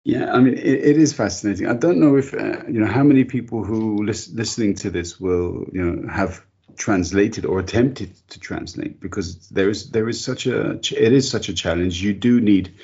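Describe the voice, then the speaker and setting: A male interviewer with a very low, husky voice. He asks long, eager questions and stumbles over repeated words. The recording is dull and lo-fi. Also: normal speed, darkish tone.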